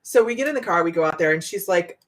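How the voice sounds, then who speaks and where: A woman from Ohio, a psychic host telling viewers a story in a casual way, animated and laughing often. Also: on the low side, fast.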